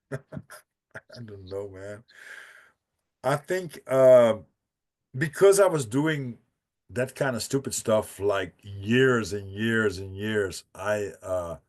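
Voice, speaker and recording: A man's voice: on the low side, darkish tone. A man, a podcast guest telling a profane, rambling story with laughs and restarts. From Netherlands. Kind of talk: casual storytelling.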